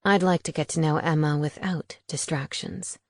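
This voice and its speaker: A woman narrator voicing a smooth, charming male vampire who speaks low and attentively. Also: steady tone, moderate pace, a little mellow, no echo, studio quality. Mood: hushed, cool.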